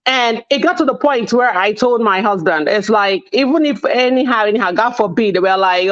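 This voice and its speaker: A woman's voice: mid-range voice, lively intonation, normal speed, few pauses. Rambling woman co-host, lo-fi audio. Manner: rambling, many restarts and "you see what I'm saying". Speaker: podcast co-host. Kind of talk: casual panel discussion.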